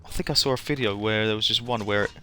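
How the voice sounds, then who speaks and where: A man's voice: fairly low pitch, quick pace, bright, forceful tone. A man chatting casually as a livestreamer during a game, rambling and giggly. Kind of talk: casual gameplay livestream chat.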